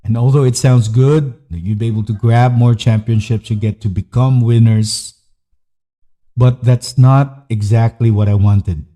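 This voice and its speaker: Man with a very dark, mellow voice. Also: mid-range voice, steady tone, measured pace. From Philippines. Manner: earnest, candid, speaks in short listed phrases. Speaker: podcast host. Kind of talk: personal storytelling monologue.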